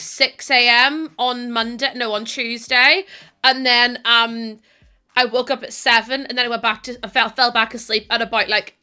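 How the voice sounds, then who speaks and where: Bright, high-voiced woman streamer. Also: clean tone. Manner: chatty, giggly, scattered. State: tired. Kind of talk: casual live stream chat.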